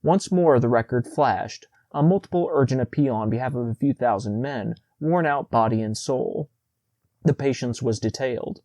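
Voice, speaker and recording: A man narrating a classic short story as an audiobook, in a measured storytelling manner. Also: mid-range voice, dark tone, no room sound.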